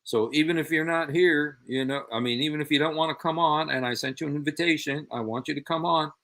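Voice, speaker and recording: A man's voice: a little high, fast talker, fairly bright tone. Emphatic, sarcastic male commentator. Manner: sarcastic, repeats quoted phrases pointedly; emphatic, addresses an absent opponent directly. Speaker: show host. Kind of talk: commentary on played clips.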